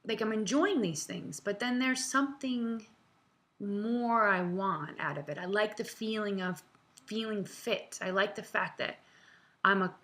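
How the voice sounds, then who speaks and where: A woman's voice: medium pitch, pushed and bright. Earnest, chatty woman vlogging from home. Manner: chatty and earnest, many fillers, laughs, close to tears. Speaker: vlog host answering viewer questions. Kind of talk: casual, heartfelt direct-to-camera talk.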